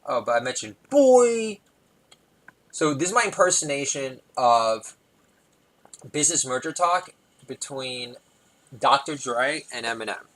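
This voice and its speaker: A New man talks through a loose stand-up monologue at a middling pitch he never loses. He wanders off on tangents, loses his thread, and chuckles at his own punchlines. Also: moderate pace, sharp tone, rough recording. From New York. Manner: rambling, digressive, laughs at own jokes. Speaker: comedy podcast host.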